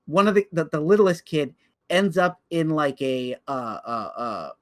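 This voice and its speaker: Male co-host with a high voice; excitable storyteller who tumbles over his words. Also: unhurried. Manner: excited storyteller, repeats words when speeding up. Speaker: podcast co-host. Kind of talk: casual podcast chat.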